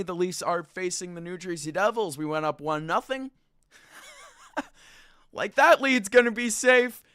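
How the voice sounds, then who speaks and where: A man's voice: a little high, a bit bright. A young man hosting a live sports talk stream, ranting with passion and frustration from his own mic. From Canada. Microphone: own mic, moved during check.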